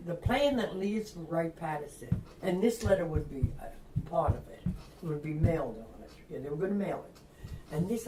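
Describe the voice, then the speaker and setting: A woman's voice: low voice, mellow. An older woman from Long Island with a Long Island accent, an author telling a story in an interview, acting out quotes and laughing often. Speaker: author guest. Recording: echoey room, distant mic, faint noise.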